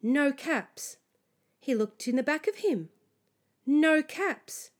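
A woman reading a children's story aloud, slowly and expressively, dropping to a hush at times. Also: high-pitched. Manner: slow, expressive, sometimes hushed.

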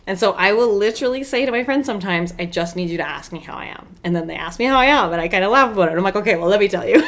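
A young adult woman with a fairly low voice hosts a podcast, talking warmly and casually about self-care. She often checks in with "right?" and laughs between points.

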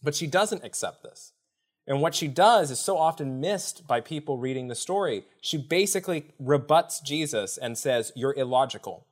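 A man's voice: medium pitch, moderate pace. A man who is a podcast guest and author, explaining a Bible story in conversation and acting out the speakers he quotes. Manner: animated, acts out quoted speakers while explaining.

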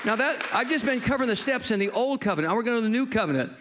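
A man delivering a sermon in a fairly high voice. He tells the story with animation and acts out its characters as he goes. Now and then he jokes with his congregation. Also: animated, rapid-fire, a loud crowd, very noisy. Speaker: preacher.

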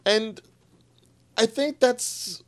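A man's voice: very high voice, extremely slow. Laid-back New man. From New Jersey. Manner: laid-back, blunt, casual swearing. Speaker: podcast co-host. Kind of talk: casual chat.

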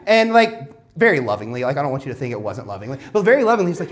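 Earnest male pastor with a lively voice. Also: fairly high pitch, racing. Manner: earnest, rhetorical questions, frequent restarts. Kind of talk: sermon.

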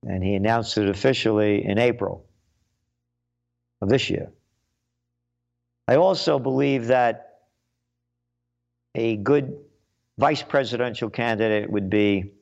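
A man hosts his own show in a blunt, combative commentary monologue, hammering his points with emphatic force. His voice sits fairly low, and the muffled lo-fi recording dulls it. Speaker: show host.

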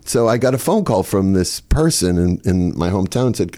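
Older male comic, somewhat low voice, wry anecdotal delivery, chuckles at own punchlines. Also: normal speed, few pauses, dark tone. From Boston area. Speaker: comedian guest. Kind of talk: storytelling interview.

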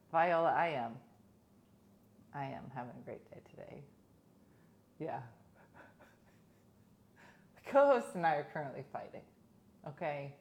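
A woman's voice: deep voice, creaky, a little hiss or hum. A woman in her fifties chatting casually and coaxing her dog, treating it as her playful co-host. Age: 50s. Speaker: host of a home pet show.

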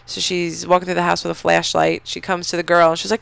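A podcast host rambling through a movie recap, swearing freely and padding it out with "um" and "you know". The voice has a gravelly fry, yet its tone stays smooth and clear. The recording is dry and close-miked. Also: medium pitch, completely flat delivery, quick pace, fairly bright tone, no echo. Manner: rambling, profane, filler-heavy storytelling. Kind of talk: casual movie recap chat.

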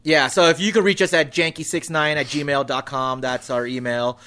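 A man's voice: on the high side, steady tone, normal speed, pushed and bright. A man co-hosting a comedy podcast who reads listener emails aloud and laughs easily in casual chat. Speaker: podcast co-host.

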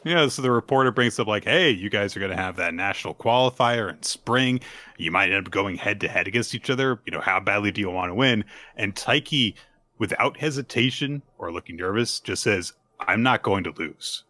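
A man's voice: on the low side, expressive, fairly quick, pushed and bright, no echo. A man co-hosting a podcast, casually recapping manga chapters and acting out the characters' lines. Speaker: podcast co-host.

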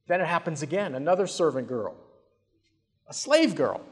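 A male preacher delivering a sermon, telling the story dramatically and swinging between hushed and loud passages. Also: on the high side, sing-song, moderate pace, long pauses. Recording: long hall reverb.

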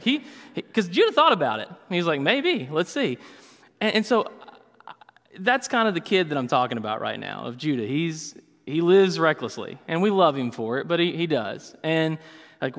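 Man pastor, slightly high voice, chatty storytelling sermon, big reverberant hall. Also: fairly bright tone. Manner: storytelling, casual asides with many fillers.

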